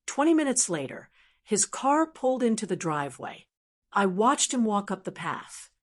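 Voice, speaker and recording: Calm older woman storyteller. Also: medium pitch. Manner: calm, measured. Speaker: narrator. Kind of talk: storytelling narration.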